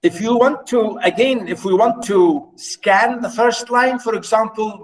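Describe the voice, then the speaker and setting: A man's voice: high-pitched, measured pace, few pauses, low-quality recording. A man giving an unscripted poetry lecture to students, hesitating often, with many fillers and restarts, and checking in with his listeners.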